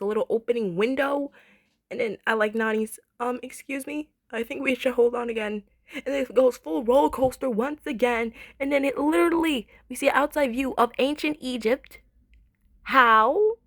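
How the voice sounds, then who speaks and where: A young woman in her twenties chatting through a cartoon episode review, slightly high-pitched and bubbly. She gushes and circles back to repeat her favorite points. Her talk stays loose and casual throughout. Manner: gushing, excitable, repeats herself.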